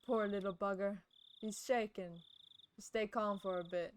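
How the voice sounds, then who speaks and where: A woman voicing a kindly older man with a rustic dialect, talking in a gentle, soothing way. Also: mid-range voice, steady tone, measured pace, slight background noise, lightly acted.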